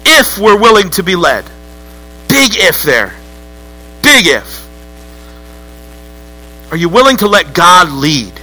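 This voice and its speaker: Bright high-voiced preacher, lively. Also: male voice, slow, pauses often, poor audio. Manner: lively, joking, acts out voices with rising outbursts. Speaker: pastor. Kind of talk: sermon. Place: church sanctuary with congregation.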